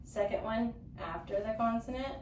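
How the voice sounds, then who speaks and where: A woman's voice: fairly high pitch, moderate pace, darkish tone, a little hiss or hum. A woman teaching a phonics lesson to a small group, patiently prompting with questions and "okay?". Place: classroom. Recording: echoey classroom, mic far off.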